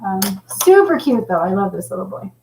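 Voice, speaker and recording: A middle-aged woman hosting a casual livestream, chatting and reading viewer comments with a laughing, animated manner. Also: medium pitch, fairly quick, gravelly, reverberant, slight background noise, rough recording. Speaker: livestream host.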